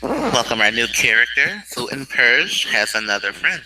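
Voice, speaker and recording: A man's voice: mid-range voice, very animated, moderate pace, noisy background. A man hosting a solo video, delivering a rambling stream-of-consciousness monologue that jumps between unrelated topics.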